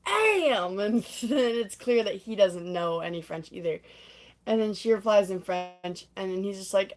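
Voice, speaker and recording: On a livestream, a young woman casually retells a stage musical she performed in, speaking at a moderate pace. She rambles chattily with lots of "like" and "um," laughs often, and acts out characters' lines in squeaky voices.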